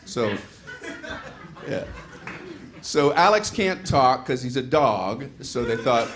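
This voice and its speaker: A middle-aged man performing a stand-up routine, telling a story in an animated way and acting out voices and exasperated asides. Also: medium pitch, takes it slowly. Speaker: stand-up comedian. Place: comedy stage with audience laughter. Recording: live show with faint room noise.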